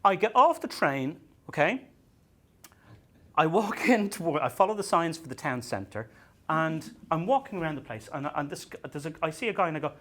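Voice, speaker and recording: An Irish man doing a stand-up comedy set, telling self-mocking stories in a halting way and often repeating his words as he restarts. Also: fairly high pitch, very animated, a bit bright. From Ireland. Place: comedy venue stage.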